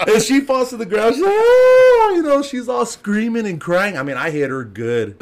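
A man's voice: high voice, lively intonation, brisk. A man telling a story as a podcast guest in casual chat, laughing and swearing as he acts out the people in it. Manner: laughing, profane, acts out quotes.

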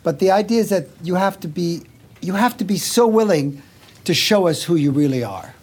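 An interviewer in conversation, speaking in a measured way with filler words as they explain a point. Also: medium pitch, lively intonation, a little mellow, husky.

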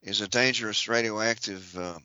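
A man with a fairly low, forceful voice works through a long list of titles and offices, adding dry jokes along the way. The sound is dry and close, with a dull, lo-fi quality. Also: fairly even intonation, moderate pace, clean tone, no room sound. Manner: dry joking asides between list items. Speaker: podcast guest. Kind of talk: reading out a list of historical figures with asides.

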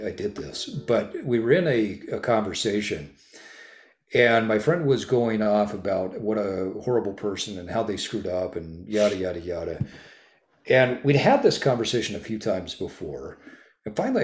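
Male podcast host, low voice, animated storyteller who swears for emphasis, echoey room. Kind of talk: casual podcast conversation. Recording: roomy echo.

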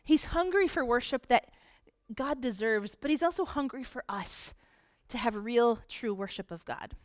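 A woman pastor delivering a conversational sermon, slowing into emphatic pauses on key points. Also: a little high, animated, dry recording. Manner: conversational preaching with dramatic pauses.

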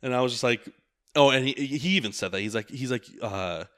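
A man's voice: medium pitch, brisk, fairly bright tone, no echo, clean studio sound. A man who drives for a rideshare service, telling a story in casual chat, rambling and profane with lots of filler words.

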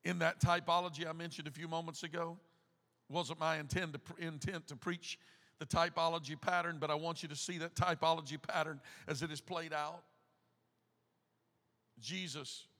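Middle-aged male pastor, high bright voice, shouting sermon in a reverberant church hall. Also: steady tone, normal speed. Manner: preaching with rising, shouted emphasis and repetition. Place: church sanctuary.

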